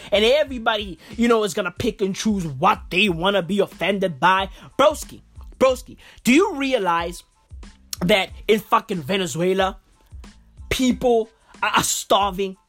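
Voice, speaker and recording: Vlogger, casual profane rant, repetitive and stammering, mid-pitched, light music bed. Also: a bit bright. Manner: heated, repetitive, stammering restarts, heavy slang and swearing.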